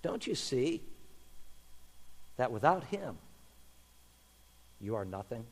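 A gentle, loving mother donkey played by a man reading a children's story. She speaks low and soft, with tender calm. A long reverb hangs around the voice. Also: takes it slowly, slightly rough, full character voice.

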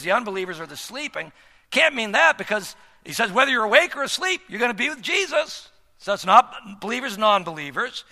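Male pastor, sermon delivery, high and very bright, emphatic, long room reverb. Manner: emphatic preaching with wide swings in loudness.

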